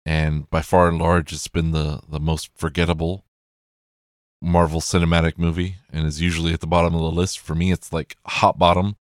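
A man's voice: low voice, no room sound, studio quality. A man chatting casually and rambling, with plenty of swearing and self-corrections.

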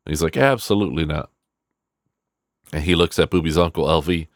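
A man's voice: extremely low pitch, fast talker, no echo, studio quality. A man giving a casual, rambling film review, swearing freely and acting out characters' lines as he goes. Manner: rambling, profane, animated quoting of characters.

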